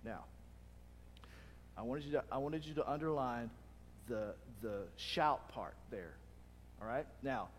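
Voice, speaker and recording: A man preaching a sermon as pastor, talking animatedly and acting out the shouts of a crowd. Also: medium pitch, a little hiss or hum. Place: church hall. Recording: long reverb of a hall.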